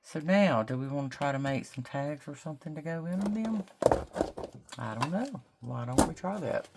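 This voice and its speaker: Working at her desk on a craft project, this Mississippi vlogger talks casually to camera in a Southern drawl, drawing out words and musing aloud as she goes. She has a low-pitched, creaky voice, and the recording is very noisy.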